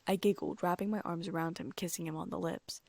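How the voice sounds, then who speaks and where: Gravelly woman reading an audiobook. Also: on the low side, fairly even intonation, fast, darkish tone, no room sound. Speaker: audiobook narrator. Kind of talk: first-person audiobook narration.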